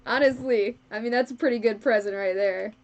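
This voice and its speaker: High-pitched giggly woman streaming. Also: a little fast, lo-fi sound. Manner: giggly and self-deprecating, laughs often. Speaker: fursuit maker streaming live. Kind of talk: casual live-stream chat with viewers. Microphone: wrong microphone.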